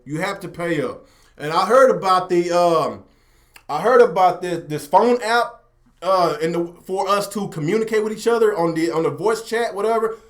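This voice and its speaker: Young male streamer, higher voice, casual rant to his chat, repeats himself. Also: fairly bright tone. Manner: talkative, repeats himself, addresses chat directly. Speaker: gaming livestream host.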